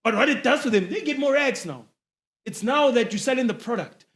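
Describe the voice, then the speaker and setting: High-voiced young man. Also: a little fast. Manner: animated, slangy, talks over others. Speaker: podcast co-host. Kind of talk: casual sports chat.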